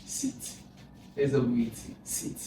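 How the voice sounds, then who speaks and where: A man's voice: mid-range voice, a little slow. A man with a Nigerian English accent tutoring for an exam, thinking aloud and repeating sounds over and over. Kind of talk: informal exam lesson. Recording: echoey room, far from mic, music behind.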